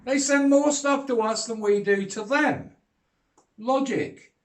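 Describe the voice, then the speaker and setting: A man's voice: high voice, fairly bright tone, echoey room. An older British man delivering a blunt, sweary, heated rant straight to camera. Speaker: vlogger. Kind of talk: ranting monologue.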